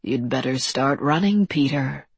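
A woman's voice: low-pitched, wildly swooping pitch, takes it slowly, slightly rough, dry recording, heavily acted. A woman voicing a cold, ruthless male crime boss who gives short, commanding orders.

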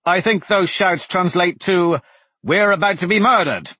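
Man doing a young sorcerer, urgent, shouting, husky, higher pitched, dry sound. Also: very animated, a little slow, dry recording, exaggerated voice. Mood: wry.

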